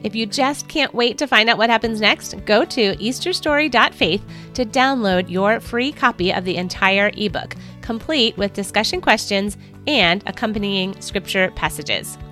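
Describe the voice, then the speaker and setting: A woman's voice: medium pitch, normal speed, few pauses, pushed and bright, faint music behind. Earnest woman reading a devotional story. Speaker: podcast host reading her devotional book. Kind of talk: scripted first-person story narration.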